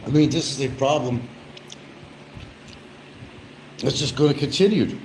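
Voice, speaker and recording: A man's voice: medium pitch, quick pace, a little mellow, soft background music, poor audio. A man talking casually and rambling at home while he eats, grumbling about the news between bites. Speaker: vlogger. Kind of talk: casual eating vlog chat.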